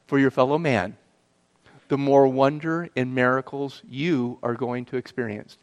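A man's voice: medium pitch, fairly even intonation, unhurried, highs cut off. A middle-aged man giving an earnest personal testimony as a guest speaker, telling his story and asking the audience questions. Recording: long hall reverb.

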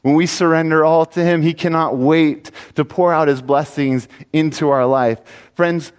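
A man preaching a sermon in an earnest voice, swinging between loud pleading and hushed, low asides. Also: steady tone, normal speed, clear, resonant tone, big-room sound.

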